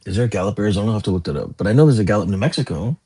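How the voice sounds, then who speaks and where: A young male streamer fires through viewer comments in rapid-fire, rambling chat, his fairly low voice warm, slightly rough and lively in intonation.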